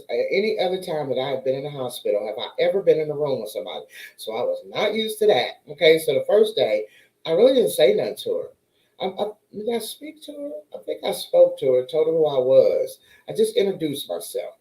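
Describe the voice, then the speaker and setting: A woman's voice: low voice, dark tone, roomy sound, low-quality recording. A woman chatting casually to her viewers, telling a story and acting out the voices of the people in it. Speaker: vlogger.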